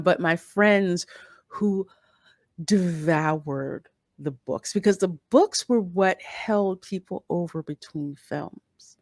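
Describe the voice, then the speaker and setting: A woman's voice: lowish voice, takes it slowly, darkish tone, no room sound, clean studio sound. A woman hosting a live-stream review, blunt and opinionated, stressing her points by repeating them in a casual commentary style. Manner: blunt, opinionated, emphatic repetitions. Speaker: YouTube channel host reading live chat.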